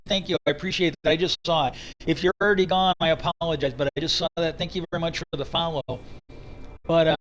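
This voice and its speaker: A man streaming live, ranting in a casual, animated way, swearing and restarting his sentences often. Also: a little high, a little hiss or hum, rough recording. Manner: animated, profane, with frequent restarts.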